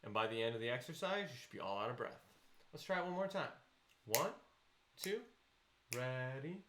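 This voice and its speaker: A man's voice: mid-range voice, very animated, rapid-fire, a bit bright, slight background noise. Man teaching vocal exercises in echoey room. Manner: counts students in and explains technique patiently.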